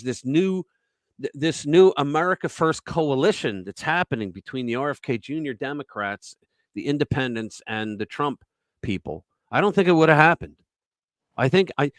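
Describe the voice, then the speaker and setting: A man hosting a political commentary show, talking emphatically and conversationally and retelling stories with quick asides. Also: on the high side, no echo, clean studio sound. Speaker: host.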